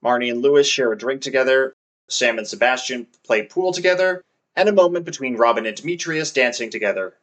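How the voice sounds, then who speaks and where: A man's voice: mid-range voice, animated, brisk, a bit bright. A man narrating his farming game session in a scripted, wry and self-deprecating way. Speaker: let's play narrator.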